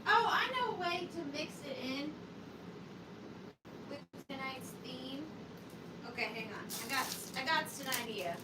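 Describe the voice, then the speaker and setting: A high-voiced woman with a Southern US accent runs a live vintage sale, chatting to buyers in a playful sing-song way. She talks at an easy, unhurried pace. Clear background noise runs under her voice. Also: lively intonation. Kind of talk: live auction stream chat.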